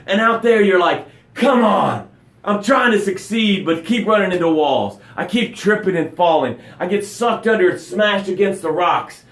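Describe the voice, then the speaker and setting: A man hosting a daily motivational live broadcast as a coach. He preaches with high energy, whooping and shouting. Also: moderate pace, reverberant. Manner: energetic, preachy, with whoops and shouts, then drops to soft breathing cues. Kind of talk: motivational live-stream talk.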